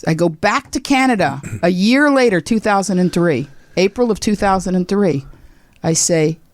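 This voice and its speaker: A woman's voice: on the low side, normal speed, dry recording. A woman in her sixties, a comedian telling a story as a podcast guest, acting out the people she quotes. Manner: animated, acts out quoted people.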